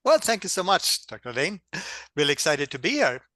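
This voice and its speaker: A man with a Swedish accent giving a relaxed, conversational webinar presentation over a video call, pausing often. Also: fairly high pitch, dry recording. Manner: relaxed, joking, hesitant with many pauses.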